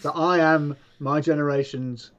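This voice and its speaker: A man's voice: fairly high pitch, fairly even intonation, unhurried, dull audio, noisy background. A man from England talking as a podcast guest in casual chat, dry and self-deprecating, with lots of ums and restarts. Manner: self-deprecating, dry, hesitant with many fillers. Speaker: guest, comedy video maker.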